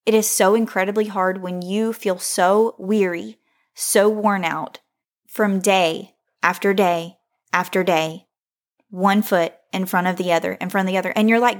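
A woman's voice: medium pitch, fairly even intonation, a little slow. Earnest woman, confessional devotional talk. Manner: earnest, confessional, repeats phrases for emphasis. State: close to tears. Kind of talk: heartfelt devotional monologue.

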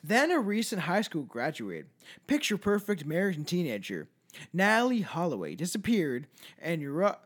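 High, lively-voiced man swearing casually. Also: normal speed. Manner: profane, loose and joking, stumbles over names. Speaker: podcast host. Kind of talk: casual chat, reading out news stories.

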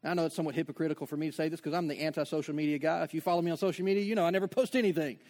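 A man's voice: on the high side, fairly even intonation, racing, a little mellow. A man preaching a sermon as pastor, conversational, with joking asides and acted-out dialogue.

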